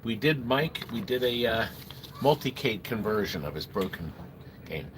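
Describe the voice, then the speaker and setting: A man's voice: fairly low pitch, big pitch swings, normal speed. A middle-aged man hosting a casual livestream, chatting in a rambling way and greeting viewers by name. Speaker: livestream host selling arcade games. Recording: noisy room ambience.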